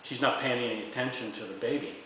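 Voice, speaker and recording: Speaking fast with a sharp tone and a mid-range voice, a man in his sixties shares his memories as a veteran for an oral history interview. He frequently trips over and repeats words, with echo and faint hiss in the recording.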